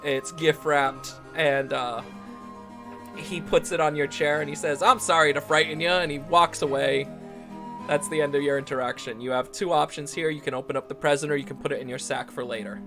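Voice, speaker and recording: A man's voice: a little high, steady tone, normal speed, music in the background. Rambling young-sounding man as game master. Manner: rambling, laughing, many ums and restarts. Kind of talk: narrating a tabletop game on stream.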